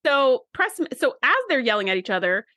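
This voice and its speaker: A woman co-hosting a podcast, recapping a TV episode in a chatty, animated way. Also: a little high, brisk, no echo, clean studio sound. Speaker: podcast co-host. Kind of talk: casual recap chat.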